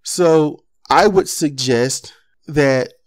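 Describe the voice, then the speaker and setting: A man's voice: a little high, extremely slow. A man delivering an impassioned political commentary monologue, ranting with rhetorical questions.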